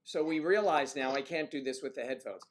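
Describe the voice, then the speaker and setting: An American man hosting a casual livestream, rambling and often clearing his throat while he fiddles with the audio. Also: fairly high pitch, a little fast. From United States. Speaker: livestream host.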